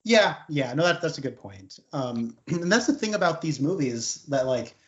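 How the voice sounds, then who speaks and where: A man's voice: a little high, sing-song, normal speed, a bit bright. A man chatting casually on a podcast, musing in an easygoing way with fillers. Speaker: podcast co-host. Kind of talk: casual chat. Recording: echoey muffled room audio.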